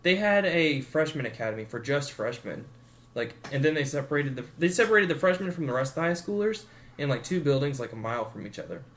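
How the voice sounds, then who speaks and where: A young man on a podcast talks with a slightly raised pitch, relaxed and casual. He drifts through his story and slips into voices for the people in it. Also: fast talker. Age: 20s. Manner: laid-back, acts out quotes with swearing and laughter. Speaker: podcast co-host.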